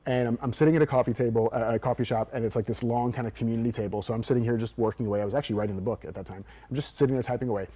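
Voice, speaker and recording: Man, coach guest, quick storytelling, dark mellow voice. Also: mid-range voice. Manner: animated storyteller acting out quotes. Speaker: mental performance coach.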